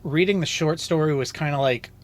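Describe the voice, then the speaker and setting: A man's voice: on the high side, fairly quick. A man co-hosting a casual book club podcast, hesitant and repeating words as he talks. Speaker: podcast co-host.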